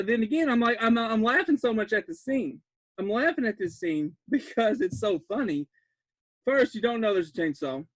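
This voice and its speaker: A man excitedly recapping a bad horror film, rambling, laughing often and breaking into loud disbelief. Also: sits high, no echo. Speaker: podcast host recapping a film.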